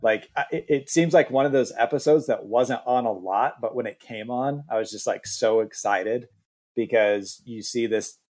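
A man's voice: mid-range voice, normal speed, darkish tone. Rambling, enthusiastic male podcast guest. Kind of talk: casual podcast chat.

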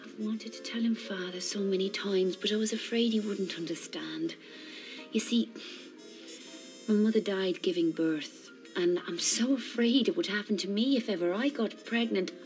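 An actress voicing a timid young Catholic wife, giving a hushed, tremulous confession in a whispered role-play. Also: female voice, mid-range voice, moderate pace, soft background music, close to an everyday voice. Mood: fearful confession.

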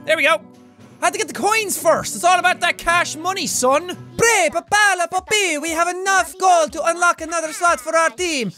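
Young male gamer, high bright voice, rowdy and sweary, quick swings from shouting to muttering. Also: soft background music. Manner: excitable, loud, swears a lot, jumps between shouts and mutters. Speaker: gaming YouTuber. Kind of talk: let's play commentary.

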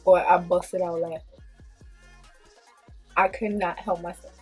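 A woman vlogger who tells a story in an animated, blunt way, with plenty of swearing. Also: on the low side, unhurried, husky, soft background music. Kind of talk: storytime vlog.

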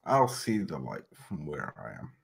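A man playing a tabletop game, describing his character's actions in an unhurried way. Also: very deep voice, huge pitch swings, creaky, slightly rough. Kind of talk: casual game chat.

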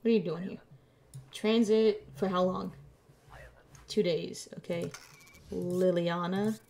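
A woman streamer casually commenting on a game, muttering to herself as she checks documents, playful and unhurried. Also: fairly low pitch, steady tone, creaky, dark tone, a little hiss or hum. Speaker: gameplay streamer. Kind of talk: casual let's-play commentary.

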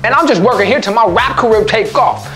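A woman putting on a cocky young male fast-food worker who raps while working the counter. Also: on the high side, lively intonation, a bit bright, soft background music. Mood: swaggering. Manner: swaggering, half-rapped.

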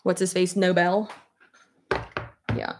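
A woman's voice: lowish voice, little pitch movement, slow pace, noisy background. A woman in her thirties chatting casually at her desk while doing her hair, rambling and laughing often. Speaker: YouTuber. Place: home office at her desk.

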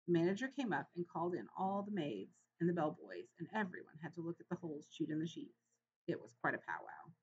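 Gruff know-it-all uncle mouse, a lady putting him on, bit muffled audio. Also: on the low side, animated, fairly quick, a little hiss or hum, lightly acted. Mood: grumbling. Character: grumbling cautious old uncle mouse.

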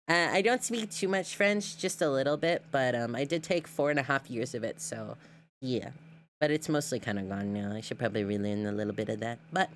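A chatty woman streamer talks casually over clips, laughing often and filling gaps with "like" and "um". Her voice sits low for a woman. A faint hiss runs underneath. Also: fairly quick. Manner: chatty and giggly, with frequent laughs and fillers. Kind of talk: casual chat reacting to clips.

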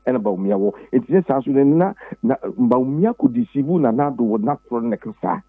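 A husky Ghanaian man, a pastor and former presidential contender, is an interview guest speaking politics in Twi and English over a tinny line. He sounds expressive and a little fast, preaching emphatically with repeated words and abrupt leaps to high pitch.

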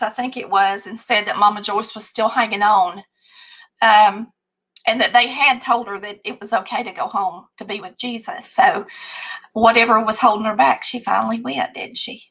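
A woman's voice: a little high, bright, forceful tone. A middle-aged woman with a Southern accent, chatting casually and rambling to her viewers as host. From Southern United States. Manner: chatty, rambling, folksy with frequent fillers. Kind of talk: casual live chat to viewers.

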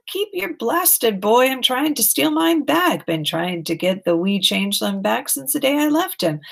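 A woman's voice: mid-range voice, creaky. A woman reading an audiobook, voicing a sulky, stubborn male goblin who grumbles and protests in a folksy way.

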